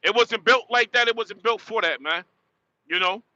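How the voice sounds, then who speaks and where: A man's voice: high voice, moderate pace, sharp tone, no echo, lo-fi sound. A man in his late forties from northern New Jersey, ranting emphatically in street slang while livestreaming from his truck cab. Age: 40s. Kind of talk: casual livestream rant.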